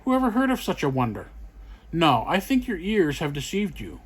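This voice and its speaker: A man's voice: a little high, big pitch swings, moderate pace, husky. A man playing a jolly old servant. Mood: jovial. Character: old male servant, nearly sixty, cheerful.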